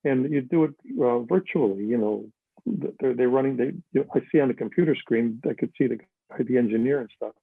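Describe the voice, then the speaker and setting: A man's voice: mid-range voice, a little fast, vocal fry, slightly rough, no room sound. An older man chatting as a guest, telling stories animatedly and slipping into other voices for quotes. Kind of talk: casual storytelling chat. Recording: dry, tinny phone-like line.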